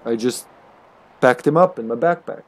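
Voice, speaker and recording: A man's voice: medium pitch, moderate pace. A man streaming a game, chatting casually as he plays, swearing freely and thinking aloud. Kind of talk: casual gameplay commentary.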